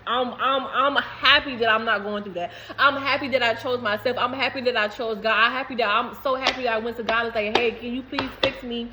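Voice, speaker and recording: A woman's voice: on the high side, fairly even intonation, brisk, few pauses, noisy background. A woman vlogging to camera in a casual, rambling way, repeating herself and laughing between phrases. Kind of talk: casual spiritual talk to camera.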